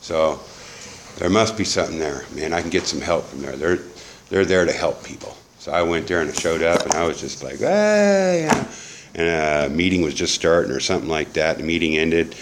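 A middle-aged man gives personal testimony about his recovery, speaking a little fast in a rumbling low, steady voice over background noise. His storytelling is candid, profane, and rambling, full of restarts.

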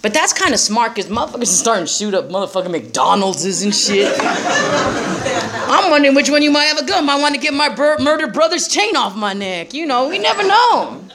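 A woman's voice: a little high, very animated, normal speed, fairly bright tone, some chatter behind. A middle-aged woman speaking bluntly to a group about recovery, swearing freely and laughing often. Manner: profane, laughing, streetwise. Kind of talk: blunt personal talk to a group.

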